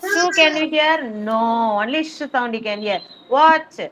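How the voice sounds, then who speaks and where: Woman kindergarten teacher, slow sing-song phonics drilling over video call, high-pitched. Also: a bit bright. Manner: slow, drawn-out sounding of letters, patient repetition. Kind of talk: online phonics lesson for young children.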